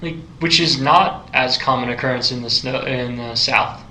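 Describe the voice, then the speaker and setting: A man's voice: medium pitch, normal speed, pushed and bright, reverberant, a little hiss or hum, low-quality recording. A man co-hosting a casual podcast, chatting skeptically and teasingly about movies. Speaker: podcast co-host. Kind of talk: casual chat.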